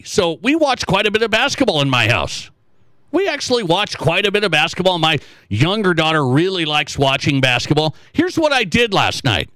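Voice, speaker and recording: Casting note middle-aged male sports radio host, lively swinging pitch, rambling storyteller. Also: no room sound. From South Dakota. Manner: animated storyteller, rambling asides and repeated phrases. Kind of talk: casual sports talk monologue.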